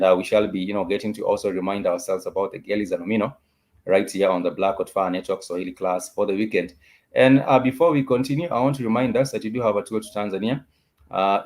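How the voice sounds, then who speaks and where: A man teaching a spoken language lesson, saying each word and phrase several times over with drawn-out fillers. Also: fairly low pitch, a little mellow. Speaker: Swahili teacher.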